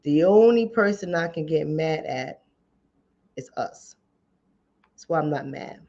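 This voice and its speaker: A woman's voice: low-pitched, expressive, measured pace, dark tone, muffled recording. A woman relationship coach, giving emphatic, repetitive commentary straight to her viewers. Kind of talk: casual commentary to camera.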